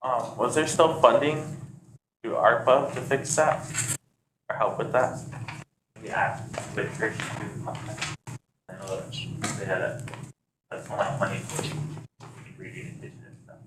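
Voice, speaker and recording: A man's voice: medium pitch, measured pace, pauses often, noisy background. Man asking questions in an echoey room. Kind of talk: meeting discussion.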